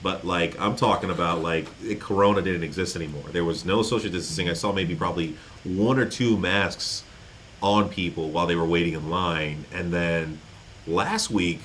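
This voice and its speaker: A man with a very low voice tells a loose, rambling story on a podcast, swearing casually as he goes. The chat is relaxed, with a faint hiss under the recording. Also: low-quality recording. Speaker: podcast co-host.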